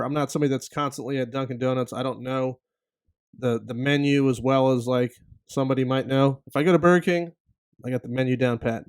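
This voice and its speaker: A man in his thirties, a podcast host, telling a comedic story in an animated, exasperated way and acting out the other people in it. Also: mid-range voice, clear, resonant tone.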